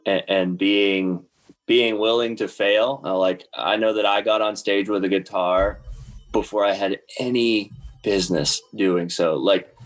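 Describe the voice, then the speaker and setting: A man guesting on a casual podcast, answering in a reflective, halting way. His voice sits on the low side. He pauses often to search for his words. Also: poor audio. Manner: thoughtful, hesitant, reflective. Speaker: guest, filmmaker and musician. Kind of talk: casual interview chat.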